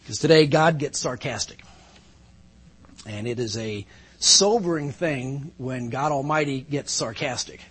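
Pastor, male, fairly high husky voice, measured sermon delivery, dry humor. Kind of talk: sermon with opening prayer. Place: church sanctuary.

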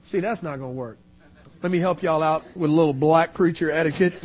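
A man preaching a sermon as pastor, telling a personal story in an earnest, confessional way and swinging from hushed to loud. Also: on the high side, fairly quick.

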